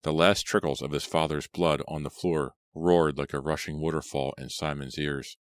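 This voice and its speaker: Very deep-voiced man narrating a horror book. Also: level tone, normal speed, no room sound, studio quality. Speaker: audiobook narrator. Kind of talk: scripted horror audiobook narration.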